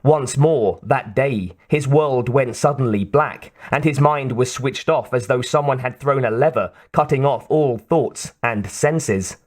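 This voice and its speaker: A man reading an audiobook in a slow, measured narration. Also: mid-range voice.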